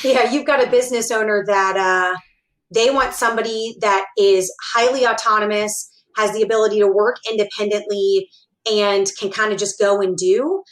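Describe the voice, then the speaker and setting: A woman recruiter, a guest on a podcast, calmly explaining hiring advice with examples in casual talk. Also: mid-range voice, moderate pace. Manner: thoughtful, explains with examples, uses fillers. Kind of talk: casual interview chat.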